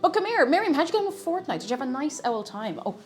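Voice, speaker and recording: Fast-talking and sing-song, a high-pitched woman cooks on a live stream, chatting playfully and constantly interrupting herself mid-sentence.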